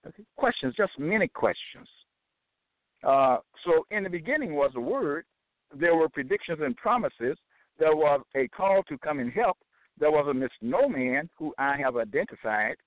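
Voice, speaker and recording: A man reading aloud from his own book and explaining scripture, deliberate, spelling words out and quoting old biblical wording. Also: a little high, very animated, dry recording. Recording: dry phone-line sound.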